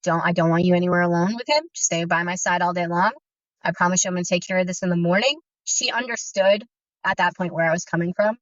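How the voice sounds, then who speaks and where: Talking fast in a fairly low voice, a guest in her thirties shares an earnest, intense first-person story of fear, remembering it in vivid detail. There's no echo, and the recording is dull, dry, and lo-fi.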